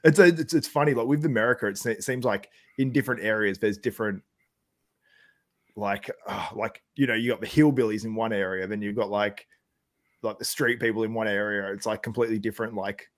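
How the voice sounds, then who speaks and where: A man's voice: lowish voice, brisk. A young Australian man hosting a casual podcast chat, rambling with lots of fillers and laughs. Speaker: podcast host.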